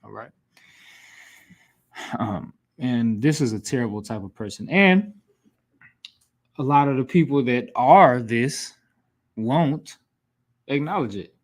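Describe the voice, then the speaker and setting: A man's voice: mid-range voice, animated, takes it slowly, long pauses. A man teaching a scripture class in a blunt, scolding, profane way. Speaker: class instructor. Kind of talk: preaching scripture lesson.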